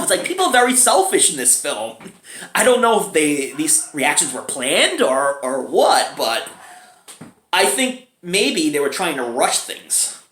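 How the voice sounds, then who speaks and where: A man's voice: on the high side, big pitch swings, measured pace, fairly bright tone. Chuckling man reviewing a film, echoey room. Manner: chatty, chuckles often between remarks.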